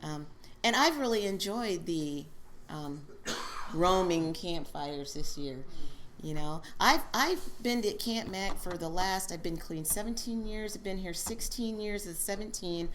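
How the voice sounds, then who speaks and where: A woman's voice: on the low side, expressive, measured pace, a bit bright, a little hiss or hum. A woman sharing at a recovery meeting, telling a story and laughing as she goes. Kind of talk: personal sharing.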